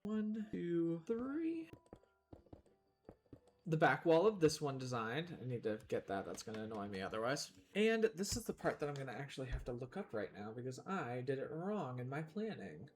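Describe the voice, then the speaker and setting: Young man, gaming streamer, casual rambling commentary, mid pitch, talks while eating. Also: sing-song, fairly quick, few pauses, slight background noise.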